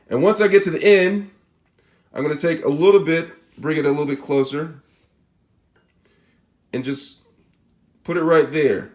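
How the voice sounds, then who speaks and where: A man's voice: fairly high pitch, darkish tone, reverberant. A man with a Spanish accent giving a casual step-by-step cooking demonstration, often checking in with "all right?" and "okay?". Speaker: cooking channel host.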